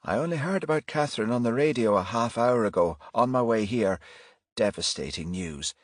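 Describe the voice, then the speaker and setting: A man voicing a middle-aged male pastor with a soft Irish brogue and a solemn, gentle manner. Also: mid-range voice, expressive, moderate pace, no room sound, studio quality, natural voice. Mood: gently solemn.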